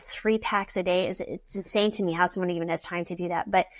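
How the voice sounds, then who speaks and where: A woman physician telling patient stories in a casual podcast conversation, lively as she acts out quoted voices. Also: lowish voice, a little fast, no echo. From United States. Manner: animated storyteller, acting out quoted patients. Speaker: physician guest.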